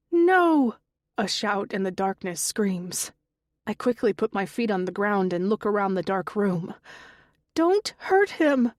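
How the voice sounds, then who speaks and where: A woman reading a first-person mystery audiobook in a measured, unhurried way. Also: medium pitch, a little mellow, no room sound, clean studio sound. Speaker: audiobook narrator.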